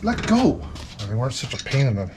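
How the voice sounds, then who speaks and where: In a garage, a man hosts a repair vlog, chatting casually and tossing out playful jokes as he works on a car. His mid-range voice swings hugely in pitch and moves fairly quickly, with background noise behind him.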